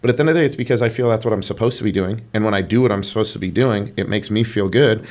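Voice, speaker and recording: A man's voice: lowish voice, very fast, a little mellow. A man hosting a podcast, talking emphatically in casual conversation and often repeating words. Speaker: podcast host.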